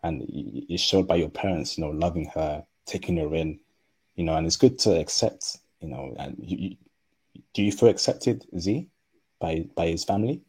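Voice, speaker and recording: Slow-talking deep-voiced male stream host. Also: creaky, darkish tone, breathy edge. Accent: non-native English. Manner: slow, deliberate speech. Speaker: livestream host. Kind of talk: casual livestream talk.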